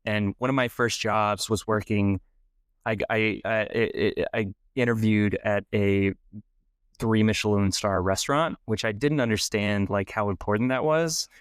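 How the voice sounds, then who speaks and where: A man's voice: on the low side, fairly even intonation, measured pace, clear, resonant tone, no echo, studio quality. A young man telling a self-deprecating story in a casual interview, rambling with many restarts. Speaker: guest filmmaker.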